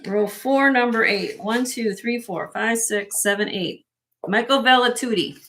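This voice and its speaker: A woman's voice: on the high side, measured pace, a bit bright. A woman hosting a live online jewelry sale, chatting in a salesy way and talking straight to buyers by name. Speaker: host selling jewelry on a live stream.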